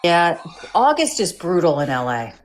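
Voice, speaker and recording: In a relaxed online debate, a middle-aged woman talks in a low, sing-song voice at a moderate pace. She sounds unsure of herself and keeps asking for confirmation.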